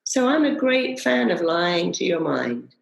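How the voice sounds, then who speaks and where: A woman with a lowish, gravelly voice talks emphatically, repeating slogans and acting out the voices in her head. Her voice rings a little in an echoey room. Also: big pitch swings, unhurried. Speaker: hypnotherapy trainer, guest. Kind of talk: animated interview storytelling.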